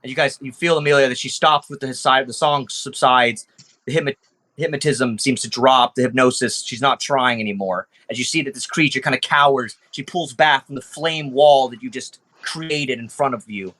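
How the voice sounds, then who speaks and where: A man's voice: medium pitch, moderate pace, bright, forceful tone. A man narrating as game master, casual and rambling, with frequent restarts.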